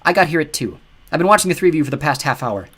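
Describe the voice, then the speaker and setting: A man's voice: fairly high pitch, very animated, rapid-fire, pitched above the performer's own voice. A man doing a guarded, haunted woman. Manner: soft, cautious and earnest. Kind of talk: audiobook narration.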